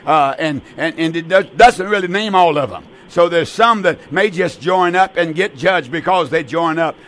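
A man's voice: a little high, normal speed, fairly bright tone. A man in his eighties hosting a call-in radio program, preaching earnestly with many restarts and repeated words. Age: 80s.

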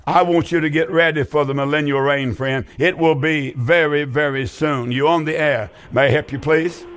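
A man's voice: on the high side, steady tone, moderate pace, fairly bright tone. An older man hosting a call-in Bible radio show, earnest and folksy, often repeating his phrases for emphasis.

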